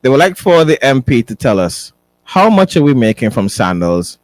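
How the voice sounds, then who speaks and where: A man's voice: mid-range voice, big pitch swings, moderate pace, no room sound. A man hosting a morning talk radio show, reading listener questions aloud. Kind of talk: casual talk radio banter.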